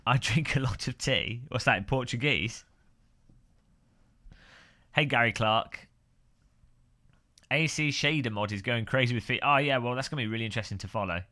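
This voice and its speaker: A man's voice: medium pitch, normal speed, long pauses, bright, forceful tone. A man hosting a casual live stream, rambling and joking while greeting viewers by name.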